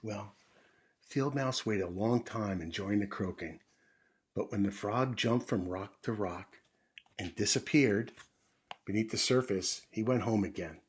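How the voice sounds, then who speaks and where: A man reading a children's picture book aloud in a gentle storytime manner, pausing to explain things to young listeners. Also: lowish voice, slightly rough.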